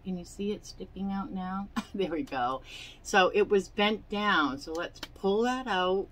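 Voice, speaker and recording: At home, a woman hosts a casual crafting vlog, chatting and rambling as she shows off products, with fillers and small hiccups along the way. Her mid-range voice moves a little slowly and sounds fairly bright. The recording is rough, with slight background noise.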